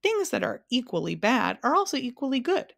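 A woman's voice: a little high, very animated, brisk, creaky, no echo, clean studio sound, pitched above the performer's own voice, heavily acted. A woman voicing a pompous, fussy male humbug insect in a storybook read-aloud, speaking in a grand, wordy way.

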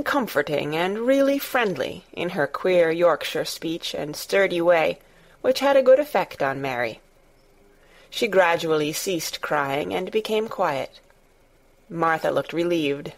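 A woman narrates a classic novel as an audiobook. Her reading is measured and steady, in a slightly low voice.

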